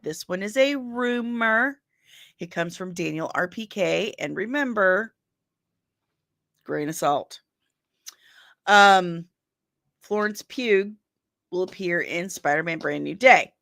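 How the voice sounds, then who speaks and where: Slow, low-voiced woman hosting a stream. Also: animated, creaky, fairly bright tone, no echo, clean studio sound. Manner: chatty, laughs often, reads out and answers viewer comments by name; loses her place while searching on screen and grumbles aloud. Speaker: host of a daily pop-culture news stream. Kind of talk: casual live-stream chat about entertainment rumors.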